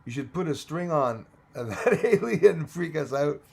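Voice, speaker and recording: A man's voice: fairly high pitch, expressive, measured pace, creaky, a little mellow, husky. A man hosting a casual live stream, chatting with viewers, greeting them by name and laughing often. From Australia.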